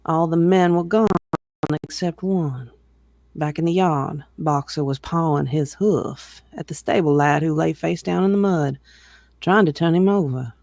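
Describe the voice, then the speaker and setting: A reader narrating a novel aloud, expressive and quick to laugh between passages. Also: mid-range voice, vocal fry, no echo, clean studio sound. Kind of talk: reading a novel aloud with banter.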